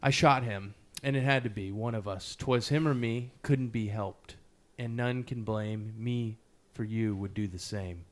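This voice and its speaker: A man with a fairly low voice reads a poem aloud. He takes it slowly, giving each line a measured weight. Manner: slow, measured reading. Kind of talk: poetry reading.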